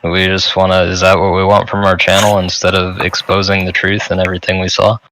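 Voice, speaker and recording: A man's voice: low-pitched, monotone, a little fast, background noise. A man playing a tabletop game, earnestly questioning the group. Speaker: player. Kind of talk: casual tabletop play.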